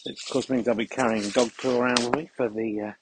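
A man rambles along in a dry, mock-serious monologue, keeping a deadpan tone through his asides. He talks outdoors on a country walk with a dog. A faint hiss of background noise sits under the voice. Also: mid-range voice, fast. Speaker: podcast host.

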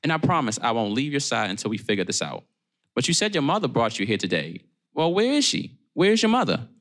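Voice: mid-range voice, very animated, fast talker, a bit bright. Someone voicing a nervous, stammering pastor. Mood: reassuring. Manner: hesitant, stammering with many fillers. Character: hesitant, nervous male church pastor. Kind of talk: audio drama acting.

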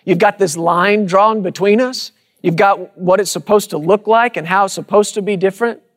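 High-voiced man preaching a sermon. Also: normal speed. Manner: rhythmic repetition, calls out to the congregation. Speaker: pastor. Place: church sanctuary with congregation.

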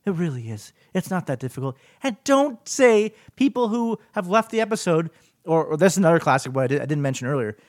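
A man hosting his own podcast in a solo rant, with a lively, swinging delivery. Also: brisk, no room sound, clean studio sound. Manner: animated ranting, swings up and down in pitch. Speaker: podcast host.

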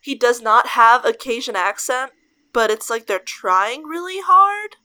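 A woman co-hosting a podcast, talking excitedly in casual chat. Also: fairly high pitch. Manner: excitable, chatty, quick reactions. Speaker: podcast co-host.

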